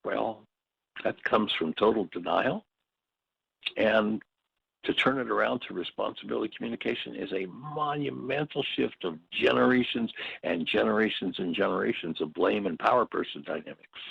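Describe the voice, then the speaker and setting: A man's voice: lowish voice, moderate pace, vocal fry, breathy edge, no room sound, lo-fi sound. A man teaching a workshop, telling stories and slipping into short acted quotes. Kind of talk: reflective spoken teaching.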